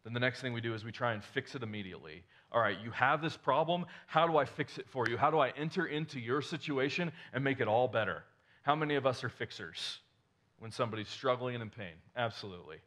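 A man's voice: mid-range voice, animated, fast talker, a bit bright. A male pastor preaching a conversational sermon, asking the congregation rhetorical questions and restarting his sentences as he goes.

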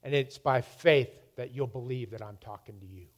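Preacher quoting a calm, soft-spoken male God; low-key, firm, no theatrics. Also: normal speed, lightly acted. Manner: soft and quiet.

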